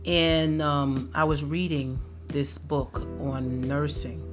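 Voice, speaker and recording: Middle-aged mom telling family stories. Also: female voice, low-pitched, slow, over music. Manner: lively storyteller who laughs as she talks. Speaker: guest mother. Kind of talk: casual podcast chat.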